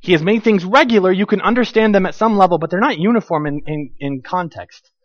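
A middle-aged male pastor preaching a sermon, telling stories with lively, acted-out quotes. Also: high-pitched, brisk, no room sound. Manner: animated storytelling, acts out family quotes. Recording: dull, dry sound.

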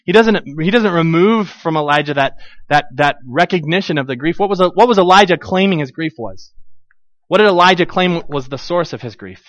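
A man preaching a conversational sermon as a pastor, animated, acting out quoted voices with frequent restarts. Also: on the high side, moderate pace, no echo, rough recording.

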